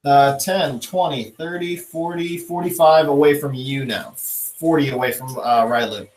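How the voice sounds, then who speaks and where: A man acting as dungeon master, briskly narrating and asking players for rolls. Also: a little high, steady tone, roomy sound. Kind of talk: narrating a tabletop game.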